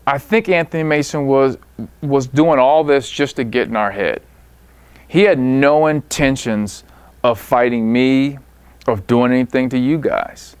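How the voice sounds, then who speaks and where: A man tells a coaching story with lively swings in his voice, jumping up high when he acts out quotes. His voice is smooth and clear. The sound is close and dry. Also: measured pace, no echo. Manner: animated anecdote-telling with voiced quotes. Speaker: basketball coach.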